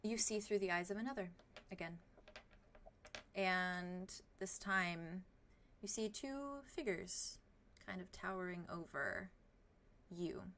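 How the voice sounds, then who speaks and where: A woman narrates a tabletop game as its game master, her voice sitting on the lower side. She speaks in a relaxed, loose way, pausing to think as she describes the scene. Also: a little hiss or hum.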